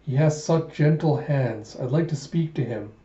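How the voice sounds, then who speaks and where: A man's voice: fairly high pitch, moderate pace, mellow, roomy sound, dull audio, natural voice. A man doing an earnest young princess. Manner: earnest, resolute.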